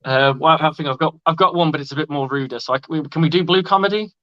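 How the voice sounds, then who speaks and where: A man, a coach on a sports talk show, telling jokes in an animated way with stammered starts. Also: a little high, quick pace, no room sound, muffled recording. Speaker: coach, co-host. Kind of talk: casual joke telling.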